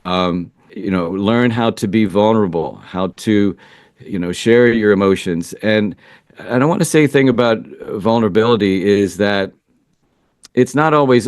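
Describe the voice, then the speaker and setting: A man's voice: lowish voice, moderate pace, a little mellow, dry recording, studio quality. A man who is a relationship coach for men, answering interview questions in an earnest, reflective way as he thinks aloud. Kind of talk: interview answers, casual advice.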